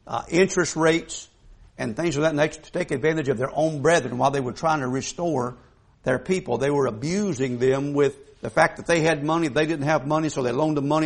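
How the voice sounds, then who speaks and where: A man preaching a sermon in a folksy, emphatic way, putting questions to the congregation. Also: fairly high pitch.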